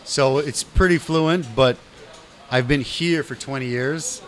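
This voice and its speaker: A man's voice: mid-range voice, slow, fairly bright tone. A middle-aged man hosting a casual interview chat, upbeat and friendly, calling his guest brother and man. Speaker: host.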